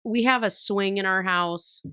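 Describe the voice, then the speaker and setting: A woman in her thirties hosting a casual podcast chat, candid and quick to swear, often laughing through her stories. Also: medium pitch, pushed and bright, smooth, no room sound, clean studio sound. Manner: candid, swears freely, laughs a lot while telling stories. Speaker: podcast host.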